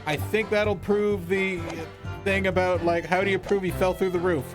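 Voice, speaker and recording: A man's voice: sits high, little pitch movement, moderate pace. A young man streaming a game, joking around and reading its lines aloud in mock voices. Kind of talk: casual gameplay chat. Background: game music.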